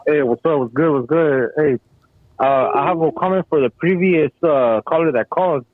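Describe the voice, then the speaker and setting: A man's voice: fairly high pitch, normal speed, dry recording. A man calling in to a talk show, speaking in a slangy, supportive way. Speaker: caller. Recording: tinny phone line.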